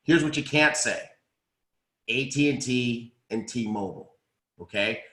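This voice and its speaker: A man's voice: medium pitch, a little slow, pushed and bright. A man co-founding a company, giving an upbeat business recap and speaking straight to his audience with enthusiasm. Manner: enthusiastic, persuasive, addresses audience directly. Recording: roomy echo.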